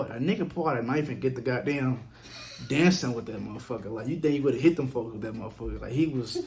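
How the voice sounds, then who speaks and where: A man casually telling a story on his vlog, profane and animated, acting out what others said. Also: medium pitch. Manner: profane, animated, acts out quotes. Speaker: vlogger.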